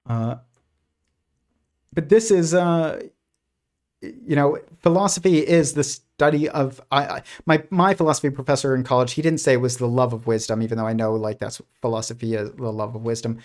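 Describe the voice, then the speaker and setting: A host from the United States, mid-range voice and ordinary pace, rambles through his thoughts on a relaxed livestream. He restarts sentences, relies on fillers, and lets out quiet laughs.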